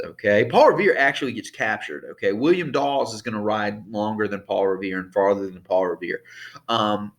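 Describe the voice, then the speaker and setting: A man's voice: on the low side, a bit bright. A man teaching a history lesson over slides in an easygoing, conversational way, often checking in with the class by asking "okay?" and "all right?".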